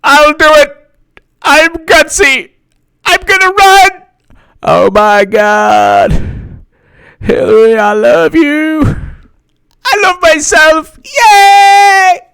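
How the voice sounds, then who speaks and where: A gushing, self-adoring older woman politician, as a man puts her on. The voice is pushed very high and squeals with excitement. It is recorded dry and close. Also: extremely slow, creaky, pauses often, no echo, exaggerated voice. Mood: giddy. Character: giddy, self-adoring older female politician, eager to run again.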